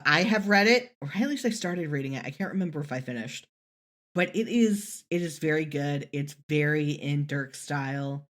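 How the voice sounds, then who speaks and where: A woman co-hosting a casual podcast, talking in a rambling, animated way and swearing casually. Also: low voice, moderate pace. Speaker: podcast co-host.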